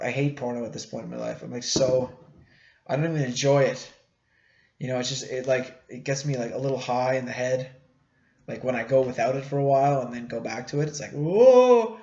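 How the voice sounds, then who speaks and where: A young man rambles through a crude, self-mocking solo podcast, thick with fillers and trailing asides. His voice is gravelly and mid-pitched. It's caught on a dull, lo-fi camera mic in an echoey room, with faint noise behind. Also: level tone, normal speed, long pauses, a little mellow. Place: small room at home.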